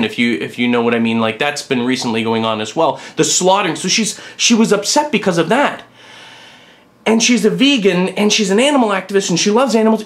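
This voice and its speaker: A middle-aged man with three sons, hosting a blunt, opinionated monologue vlog and ranting about people who lack social sense. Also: high-pitched. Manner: blunt, ranting, mocks others in put-on voices. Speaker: vlog host.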